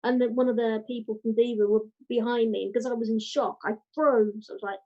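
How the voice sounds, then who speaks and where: A woman guest chatting in a casual interview, telling a story with lively quoted voices. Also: on the high side, fairly quick, dull audio. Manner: animated storytelling, quoting others. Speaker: guest, writer and podcaster.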